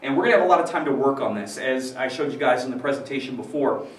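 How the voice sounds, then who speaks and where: A man's voice: medium pitch, lively intonation, quick pace. Chatty male teacher in an echoey room. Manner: chatty, joking, loose with fillers. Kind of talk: casual recorded history lesson. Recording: roomy, distant mic with faint background noise.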